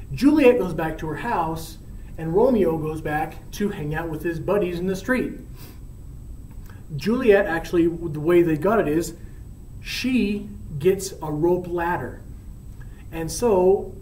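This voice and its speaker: A man's voice: high voice, a little mellow, a little hiss or hum. A male teacher casually retelling a play, chatty and often checking in with "right?". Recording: roomy, from far off.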